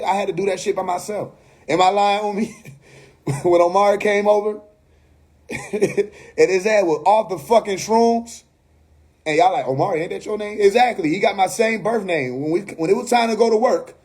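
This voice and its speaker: A man, telling a story casually on a live stream, animated and laughing often, dropping to a low mumble when he quotes his friends. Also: breathy edge. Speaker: livestream host.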